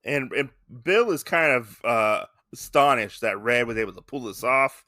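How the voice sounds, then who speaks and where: A man chats on a podcast as co-host, his pitch swinging in a lively way as he rambles with plenty of fillers. The sound is dry and close, with no room in it. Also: normal speed, no echo. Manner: chatty, rambling with many fillers. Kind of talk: casual chat.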